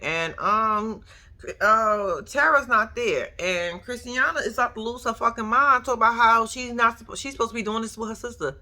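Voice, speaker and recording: A woman giving a blunt, profane, animated reaction commentary on a reality show, talking straight to her viewers. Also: on the high side.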